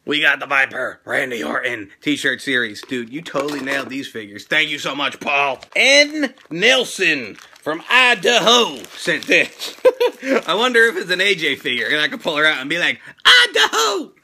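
A middle-aged man hosting a toy fan mail unboxing, loud and excitable, joking crudely and breaking into sudden high squeals. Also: moderate pace, slight background noise. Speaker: toy channel host.

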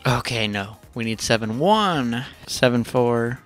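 A man's voice: mid-range voice, lively intonation, measured pace, a bit bright, soft background music. A man hosting a let's play, rambling casually with lots of swearing and frustration at the game. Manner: profane, frustrated, self-deprecating rambling. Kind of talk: casual gaming commentary.

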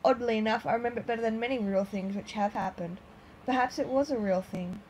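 A woman reading as a gentle elderly storyteller. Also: fairly high pitch, fast talker, slight background noise, close to an everyday voice, rough recording. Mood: musing. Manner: soft, reminiscing, hesitant.

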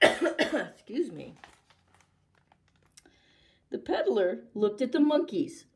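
Woman librarian, children's story-time reader, lively pitch, unhurried. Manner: slow, expressive, asks young listeners questions. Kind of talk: story time read-aloud.

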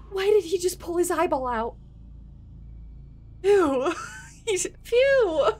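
A woman streaming a video game, giving excitable casual commentary with lots of laughing, yelps and swearing. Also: very high-pitched, drawn-out words, pauses often, slight background noise. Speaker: gaming streamer.

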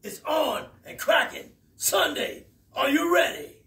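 A man shouting and chanting a hype video as a sports fan vlogger, laughing often. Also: very high-pitched, expressive, takes it slowly, vocal fry, far from the mic. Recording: echoey room, off mic, loud music. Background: loud music.

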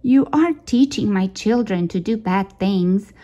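A woman's voice: mid-range voice, lively intonation, measured pace, warm tone, muffled recording, natural voice. A woman voicing a stern mother bird who scolds the chicks in a raised, strict voice while reading a picture book aloud. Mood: scolding.

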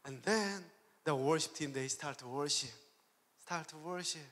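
Speaking a little slowly in a high, slightly bright voice, this man preaches as a guest pastor in a reverberant church hall. He has a Korean accent, speaks English as a second language, and laughs often while telling a personal story and acting out what he said.

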